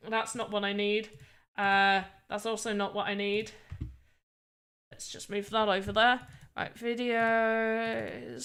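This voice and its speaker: British woman, high bright voice, tired and rambling, casual streamer chatter. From Britain. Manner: rambling, self-deprecating, often restarts words. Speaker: livestreamer. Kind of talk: casual live-stream chat.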